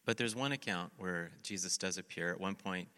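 In a large, reverberant hall, a pastor delivers a sermon a little fast, his very low voice carrying a bright, forceful tone. His storytelling is animated, and he performs the characters' lines and scripture quotes as he goes.

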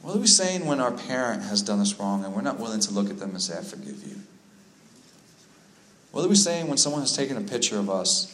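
A man's voice: fairly low pitch, a bit bright. Man preaching in an echoey hall. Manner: storytelling, rising to fervent emphasis. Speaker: youth pastor. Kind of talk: sermon. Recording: echoey room with faint ambient noise.

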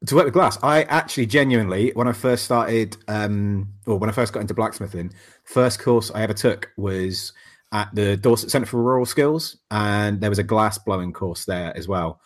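A man's voice: lowish voice, moderate pace. A man co-hosting a podcast, chatting in a laid-back way, swearing casually and laughing often. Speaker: podcast co-host, blacksmith. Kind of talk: casual chat.

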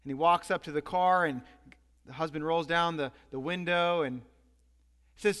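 A man preaching a sermon as pastor, animated and storytelling. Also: sits high, a little fast. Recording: long hall reverb.

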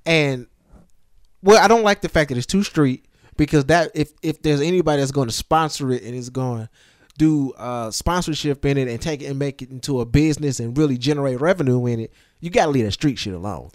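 A man in casual podcast chat who lays out his complaints point by point in a measured way. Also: mid-range voice, no room sound, studio quality.

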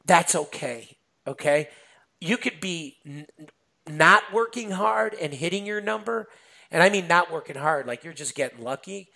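A man's voice: on the high side, measured pace, vocal fry. A man guest on a podcast, a sales manager chatting casually and telling stories with lots of fillers. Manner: animated storytelling, many fillers.

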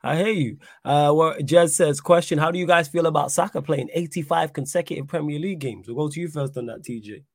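Fast host dude, dry sound, chill slang, reads out questions. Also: male voice, a little high, dry recording. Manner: relaxed, slangy, reading viewer questions. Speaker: show host. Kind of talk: casual football chat.

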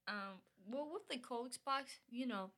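A woman's voice: fairly high pitch, moderate pace, fairly bright tone. A woman guest on a podcast, chatting casually and making blunt, joking asides. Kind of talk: casual chat.

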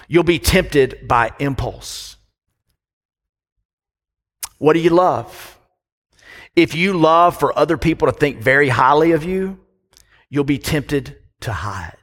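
A man's voice: on the high side, a bit bright, in a large hall. A man preaching a sermon as pastor, conversational and full of questions to the congregation.

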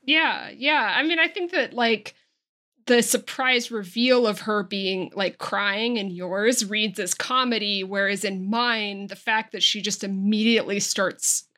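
A woman's voice: mid-range voice, unhurried, sharp tone. A woman co-hosting a podcast, casually and analytically discussing a novel's tone with her co-host. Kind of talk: casual book discussion with read-aloud passages.

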